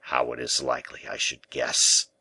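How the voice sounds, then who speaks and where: A man's voice: a bass voice, monotone, moderate pace, bright, forceful tone, breathy edge, pitched below the performer's own voice, full character voice. A man voicing a frightened, flustered prison governor in an audiobook, his lines full of panicked exclamations. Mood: anxious. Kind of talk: audiobook character reading.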